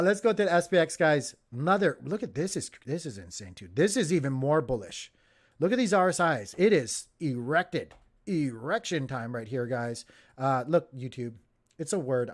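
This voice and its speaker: A man hosting a casual crypto livestream, giving excitable, jokey market commentary straight to his viewers. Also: medium pitch.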